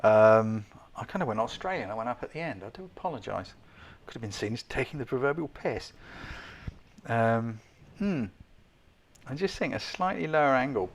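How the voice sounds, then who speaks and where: Chatty male host judging photos on a live stream, self-deprecating, mid-pitched, keeps asking the audience. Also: gravelly, slight background noise. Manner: self-deprecating, hedging critic. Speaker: host giving photo feedback.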